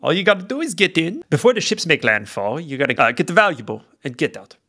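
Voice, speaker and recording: A man's voice: on the high side, big pitch swings, fast talker, bright, forceful tone, heavily acted. Man voicing a blunt lizard translator. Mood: businesslike. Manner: blunt, rough dockside grammar. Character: lizard translator, gruff and businesslike.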